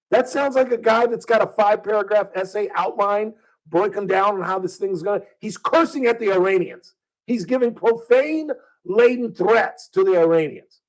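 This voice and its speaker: A male talk radio host with a high voice speaks into a studio microphone, though the audio is poor. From the studio he delivers a combative opinion monologue packed with rhetorical questions.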